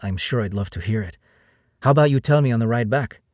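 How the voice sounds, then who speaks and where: A man voicing a proud jungle guide with a Spanish accent, gently teasing, read in an audiobook. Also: mid-range voice, fast talker, dry recording, clean studio sound, lightly acted.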